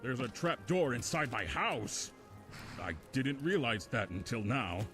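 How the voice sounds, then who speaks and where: A man's voice: mid-range voice, animated, a little slow, fairly bright tone, faint music behind. An actor voicing an aggrieved, bitter male townsman in a video game.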